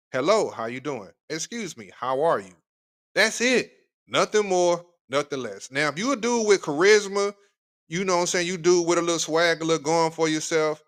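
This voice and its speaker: A man's voice: a little high, fairly bright tone. A man hosting a reaction video, giving casual, slangy commentary with joking asides.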